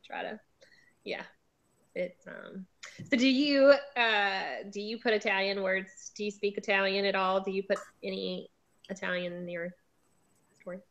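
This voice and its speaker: A woman's voice: medium pitch, fairly bright tone, muffled recording. A woman with a Southern US accent hosting an interview in casual chat, chatty and laughing often over a video call. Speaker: host.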